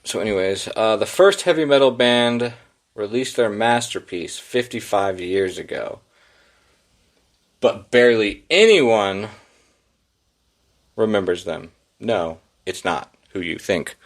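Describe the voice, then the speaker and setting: Guy with a lowish voice doing an unscripted headline rant, swears a lot, sarcastic. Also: expressive, slow, long pauses. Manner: sarcastic, profane, rambling. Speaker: podcast host.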